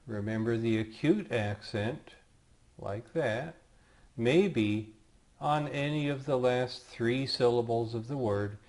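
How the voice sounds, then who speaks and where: A man teaching a lesson, explaining rules slowly and patiently, with the odd self-deprecating aside. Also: mid-range voice, darkish tone. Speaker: Greek teacher. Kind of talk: recorded lecture.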